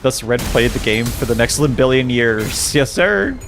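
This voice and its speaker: A young man streams a game and reads chat aloud, joking around and laughing often in playful, casual commentary. His voice is mid-range with a flat delivery at normal speed, and loud game music plays behind him.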